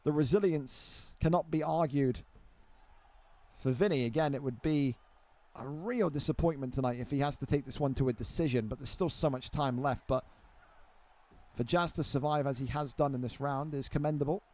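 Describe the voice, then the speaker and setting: A young man giving live play-by-play commentary on a video game fight, excitable and swearing freely as he banters with friends. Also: mid-range voice, moderate pace.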